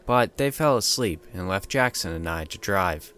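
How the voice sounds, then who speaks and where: A man narrating a first-person horror story in a steady, measured way. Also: low-pitched, slight background noise.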